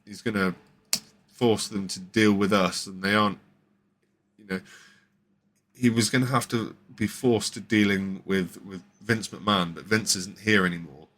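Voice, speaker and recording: A man's voice: on the low side, fairly even intonation, unhurried, a bit bright. A male podcast host giving a casual, rambling recap with many fillers and restarts. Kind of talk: casual wrestling show recap.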